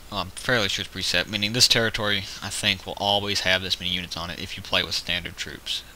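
Game video host, male, low and bright-edged, casual rambling commentary, counts aloud; faint hiss on a home mic. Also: fairly even intonation, quick pace, rough recording. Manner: rambling, counts units aloud, self-correcting. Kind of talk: casual let's-play commentary.

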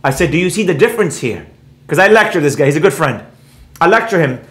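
Brash high-voiced male trading host. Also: fast talker. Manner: brash, lecturing, talks down to viewers; animated, repeats points for emphasis. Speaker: trading educator and channel host. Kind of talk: casual monologue to viewers, reading live chat.

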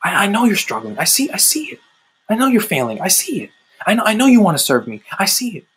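A preacher voicing a calm, tender heavenly father who speaks gently and quietly to his child. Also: sits high, quick pace, breathy edge, exaggerated voice. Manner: calm, hushed, gently pleading.

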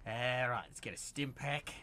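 A young man streaming a game, narrating as he plays and yelling excited taunts and battle cries at enemies. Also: mid-range voice, moderate pace, slight background noise. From Australia. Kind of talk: let's-play gaming commentary.

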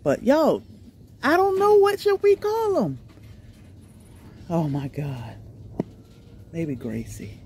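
A middle-aged woman vlogging casually outdoors by her rabbit hutches, chatty and animated, laughing often as she talks to viewers. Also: mid-range voice, slow pace, pauses often, husky. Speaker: homestead vlogger.

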